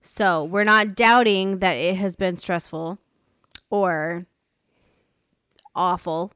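A woman co-hosting a podcast in a Midwestern accent, with a smooth, clear voice. She speaks emphatically and with a sarcastic edge, and the recording is dry. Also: fairly low pitch, takes it slowly, fairly bright tone, no echo. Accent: Ohio Midwestern. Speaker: podcast co-host. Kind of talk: casual chat.

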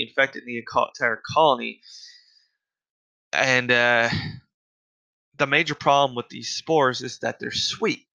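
A man's voice: mid-range voice, sharp tone, low-quality recording. A man delivering a casual, profane solo rant, exasperated and full of fillers.

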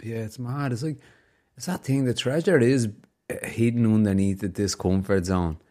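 A man's voice: mid-range voice, moderate pace, warm tone. A man hosting a casual podcast, reflective and fond of telling stories. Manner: storytelling, upbeat and reflective. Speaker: podcast host.

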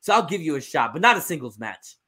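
A man's voice: a little high, sing-song, quick pace, pushed and bright, husky, heavily acted. A man voicing a confident male wrestling champion delivering an emphatic promo. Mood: proud defiant.

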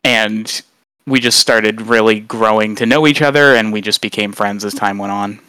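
A young man, a guest on a casual chat recorded remotely, telling funny stories with lively acted-out quotes. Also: normal speed, smooth. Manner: animated storyteller, acts out quotes in high voices. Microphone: long-distance remote recording.

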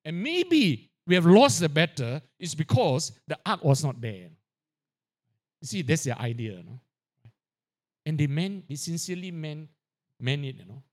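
Lively preaching man, forever asking "right?". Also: fairly high pitch. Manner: animated preaching, constant "you know, right?" tags; drops to a quiet aside on filler tags. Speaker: pastor. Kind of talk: sermon.

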